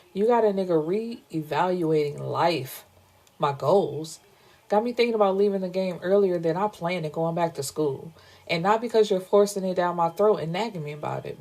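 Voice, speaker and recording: A woman recaps a romance novel in a casual, animated way, cutting in with blunt, profane reactions of her own. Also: on the low side. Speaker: book reviewer.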